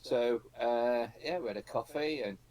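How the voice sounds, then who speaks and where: A man's voice: mid-range voice, normal speed, darkish tone, poor audio. A middle-aged man, casually telling a story and acting out the quotes, with some swearing. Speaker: trucking group owner. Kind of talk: casual chat, anecdote.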